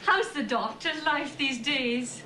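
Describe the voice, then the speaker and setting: An actress playing a doting elderly Scottish mother who greets a visitor warmly, heard from a film clip. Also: high voice, slow. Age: older. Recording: noisy, echoey film soundtrack.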